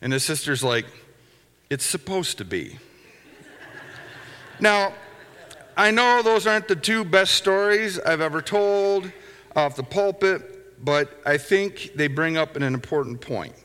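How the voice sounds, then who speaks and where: A middle-aged man preaches in a relaxed, storytelling way, with little asides and chuckles. His voice is bright and forward. It rings out with a long hall reverb, as in a church sanctuary. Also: sits high, a little slow, clear, resonant tone. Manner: conversational, anecdotal, chuckling asides. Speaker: pastor. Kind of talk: sermon with storytelling.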